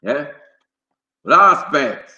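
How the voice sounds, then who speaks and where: A man's voice: on the high side, very animated, extremely slow, pushed and bright, dull audio, a little hiss or hum. A man from Nigeria, a panel guest talking bluntly and swearing freely. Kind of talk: casual panel chat. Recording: roomy echo.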